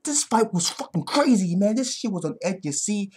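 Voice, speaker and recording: A man giving an excitable, profane anime fight recap that keeps bursting into yells. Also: high-pitched, normal speed, husky. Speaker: anime reaction vlogger. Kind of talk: hyped casual recap.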